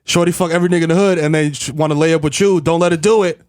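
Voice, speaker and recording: A man from the Bronx, co-hosting a podcast in casual comedic banter, full of quick jokes and slang. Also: fairly high pitch, fairly even intonation, a little mellow, no echo, studio quality. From the Bronx, New York. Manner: quick jokey interjections, riffing on slang. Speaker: podcast co-host.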